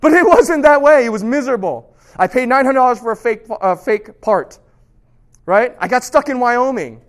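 High-voiced animated man preaching. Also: moderate pace. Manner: animated, lively storytelling with sudden drops to soft tones. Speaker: pastor. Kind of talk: sermon.

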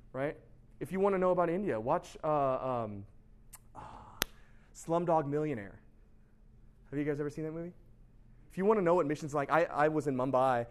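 A man giving a casual, animated sermon as a pastor, often asking "right?" and laughing at himself. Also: mid-range voice. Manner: chatty, animated, constant rhetorical "right?"; laughs at himself, shouts for emphasis.

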